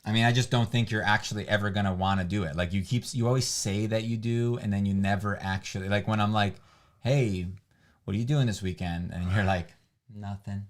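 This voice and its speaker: A man's voice: on the low side, a little fast. A man in his thirties co-hosting a livestream, chatting casually and teasing his partner with sarcasm. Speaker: livestream co-host. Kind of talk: casual chat.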